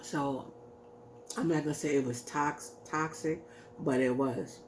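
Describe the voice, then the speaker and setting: A woman's voice: low voice, steady tone, unhurried, noisy background. A woman vlogger casually telling a personal story, rambling with lots of fillers and acting out what people said. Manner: rambling, heavy use of "like" and "you know"; acts out quoted lines in her retelling.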